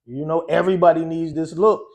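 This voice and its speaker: A man with a high-pitched speaking voice recounts a story as a guest on an interview show. His delivery is loose and conversational, with frequent "you know" and "um" as he talks. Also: fairly even intonation, brisk, gravelly, darkish tone, highs cut off. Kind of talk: casual storytelling.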